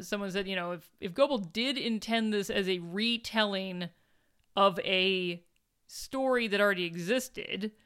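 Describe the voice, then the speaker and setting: A woman's voice: mid-range voice, fairly bright tone, clean tone. A woman co-hosting a casual book review chat, speaking in a dry, sarcastic way. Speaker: podcast co-host.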